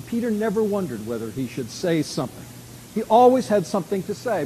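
Male preacher, expository sermon, high voice, emphatic, dramatic swings in loudness, faint hiss. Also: low-quality recording.

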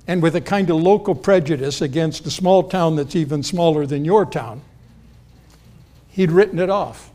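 Guy giving a sermon, kinda higher pitched, chatty, voices the quotes. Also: moderate pace, dark tone. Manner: conversational, acts out quotes with rising pitch. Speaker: preacher. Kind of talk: expository sermon.

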